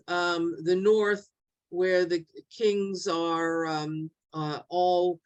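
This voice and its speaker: Teaching a Bible study online through a video call, this middle-aged woman has a fairly low-pitched voice. Her speech is halting and full of fillers and restarts.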